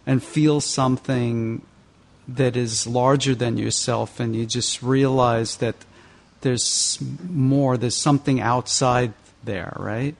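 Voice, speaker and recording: A man's voice: mid-range voice, fairly even intonation, takes it slowly, vocal fry. A man hosting a podcast interview, musing thoughtfully in conversation. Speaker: podcast host.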